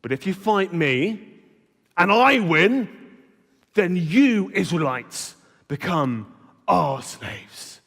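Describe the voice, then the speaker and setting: A man voicing a taunting giant male warrior in a slow, booming delivery for a children's Bible talk. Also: big pitch swings, creaky, a bit bright, in a large hall, exaggerated voice.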